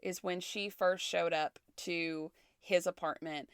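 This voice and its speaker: A woman in her thirties co-hosting a casual history podcast, telling the story in a relaxed way, laughing often and swearing casually. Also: fairly low pitch, slow pace, clear, resonant tone, dry recording, studio quality. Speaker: podcast co-host.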